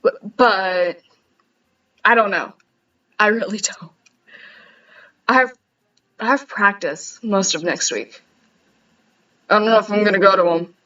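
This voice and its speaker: A woman's voice: medium pitch, measured pace, long pauses, pushed and bright, far from the mic, muffled recording. A young woman streamer chatting casually, rambling and giggling at herself. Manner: giggly, rambling, self-mocking. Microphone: headset.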